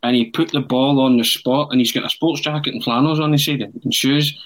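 A middle-aged Scottish man tells a long football story on a podcast. His voice sits at an ordinary middle pitch, and he acts out the quotes with sudden loud bursts. The delivery is chatty and animated. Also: fairly quick, rough recording. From Scotland. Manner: animated anecdote-teller who acts out quotes with loud shouts. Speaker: podcast guest. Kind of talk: casual storytelling chat.

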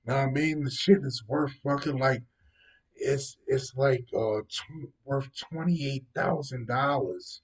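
Commenting on the news as the host of a laid-back show, a man speaks slowly at medium pitch, brushing stories off with plenty of profanity. His rambling is packed with fillers such as "yo" and "know what I mean", and he's positioned far from the microphone.

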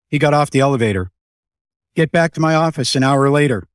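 An older man, a business founder being interviewed, telling stories in a lively way and acting out the people in them. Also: on the high side, fairly quick, dry recording, studio quality. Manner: animated storyteller, acts out voices in anecdotes. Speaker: podcast guest, business founder. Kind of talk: casual storytelling interview.

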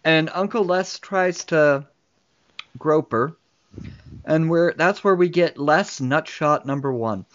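A man's voice: a little high, takes it slowly, a bit bright, muffled recording. A man co-hosting a casual movie podcast, retelling scenes in detail and laughing often. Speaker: podcast co-host.

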